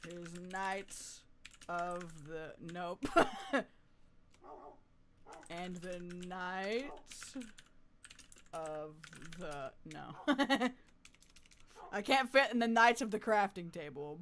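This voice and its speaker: Bright-voiced playful streamer. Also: medium pitch, drawn-out words, long pauses. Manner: playful mock-deference, laughs often. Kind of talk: live gameplay commentary.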